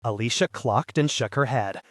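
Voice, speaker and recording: A man reading an audiobook as its narrator, in a steady, measured storytelling voice. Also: mid-range voice, no room sound, clean studio sound. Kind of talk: scripted narration.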